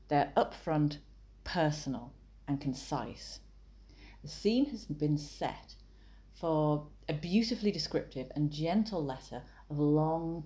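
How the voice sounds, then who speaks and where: A woman explaining copywriting in a measured, analytical way, with wry asides. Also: low voice, dark tone. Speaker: copywriting teacher and author.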